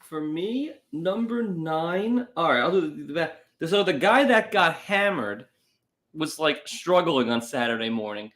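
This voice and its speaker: A man's voice: fairly high pitch, expressive, measured pace, a bit bright. A man co-hosting a podcast in casual chat, telling rambling, wry stories. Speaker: podcast co-host.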